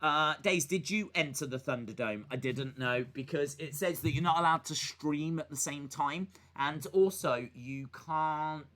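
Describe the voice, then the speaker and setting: A man's voice: on the high side, measured pace, hardly any pauses, a bit bright. A young man hosting a live stream, reading viewer comments aloud in a playful, mock-baffled, joking way.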